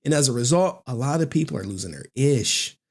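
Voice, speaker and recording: A man's voice: medium pitch, lively intonation, a little fast, husky. A man hosting casual online commentary, talking in a slangy, profane, mocking way.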